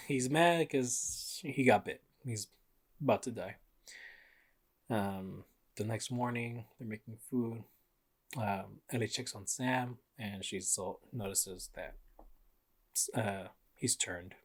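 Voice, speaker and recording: A young man co-hosting a casual podcast, easygoing as he recaps events. He leans on filler words. His voice sits somewhat low. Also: slow, slightly rough. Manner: laid-back recapping, many fillers like um and like. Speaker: podcast co-host. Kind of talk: casual chat.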